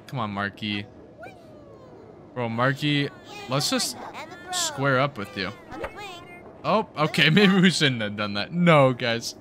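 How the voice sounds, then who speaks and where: A young man commentates his own video game match with hyped, slangy excitement. His pitch leaps around constantly as he cheers and groans. A steady hiss of noise sits under the recording. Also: unhurried, long pauses. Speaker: gaming video host. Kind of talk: excited let's-play commentary.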